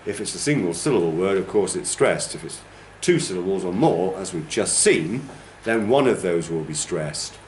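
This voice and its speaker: This TESOL course trainer's voice sits low and is a little mellow, with lively intonation, normal speed and few pauses. He patiently explains during a classroom lecture, stretching words to exaggerate their stress, with roomy echo and a little hiss or hum.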